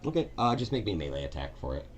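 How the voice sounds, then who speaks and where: A man narrating as game master in a relaxed, filler-heavy way. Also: low-pitched, rapid-fire, slight background noise.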